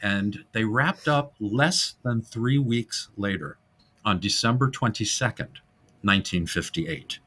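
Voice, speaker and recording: A man hosting a casual film-history podcast, animated and jokey, now and then breaking into silly voices. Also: fairly low pitch, measured pace, breathy edge. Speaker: podcast host.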